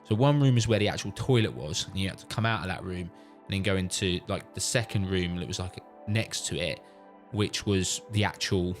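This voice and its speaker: A British dad casually telling a funny story, animated and swearing freely. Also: male voice, on the low side. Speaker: vlogger, father. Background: faint background music.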